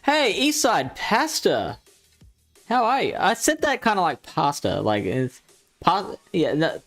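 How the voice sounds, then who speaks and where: A high, creaky, slightly bright voice with huge pitch swings comes from an Australian man talking at a moderate pace over soft music. Hosting a live game stream, he reads chat, chats casually, thinks out loud, and laughs at himself.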